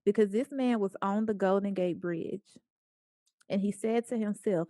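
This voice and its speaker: A woman speaker telling a story to a small group in a lively, playful way, acting out the lines of the people in it. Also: mid-range voice, normal speed, no echo, studio quality. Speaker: guest speaker.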